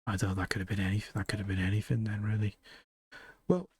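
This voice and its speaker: A man's voice: fairly low pitch, level tone, fast, slightly rough. A man streaming live, chatting casually with viewers, joking and laughing often.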